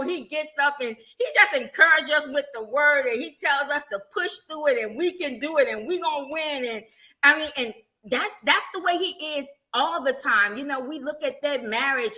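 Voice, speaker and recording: A middle-aged woman speaks as a guest evangelist. Her tone is bright and clear, and she tells stories with animation. She talks about faith in an easy, conversational way. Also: sits high. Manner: animated storytelling, acting out everyday quotes. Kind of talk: casual faith testimony.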